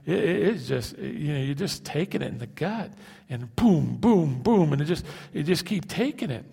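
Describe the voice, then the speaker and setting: A male pastor preaching a sermon in a halting way, repeating words and asking rhetorical questions. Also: a little high, animated, gravelly, a little mellow, slightly rough, long reverb tail.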